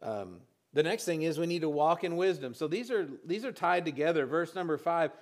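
A man preaching a sermon, telling a personal story in a halting way with many restarts. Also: on the high side, lively intonation. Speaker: pastor.

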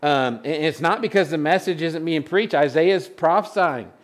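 A man with a fairly high voice teaches scripture like a pastor at a midweek Bible study. He talks informally and earnestly, reads the old verses aloud, and often stumbles and restarts as he explains. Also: normal speed.

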